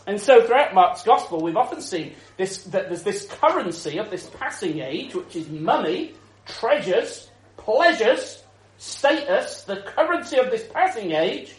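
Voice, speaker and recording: An animated male preacher with a high-pitched voice, telling the story with chuckles and many restarts. His sermon rings out in a roomy, echoing space. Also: moderate pace.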